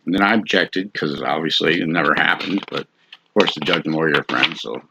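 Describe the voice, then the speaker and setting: A man's voice: very deep voice, fairly quick, creaky, dull audio, background noise. A man recounting in a casual, blunt, profane and scornful way.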